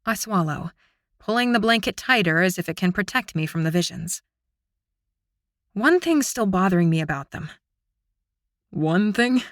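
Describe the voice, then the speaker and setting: Expressive woman narrating a fantasy audiobook. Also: lowish voice, moderate pace, pauses often, dry recording, clean studio sound. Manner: expressive, intimate storytelling.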